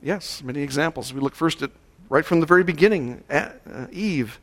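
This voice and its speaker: Man preaching a slow, measured sermon. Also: on the high side. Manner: measured, slowing down to stress key words. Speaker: pastor. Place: church service.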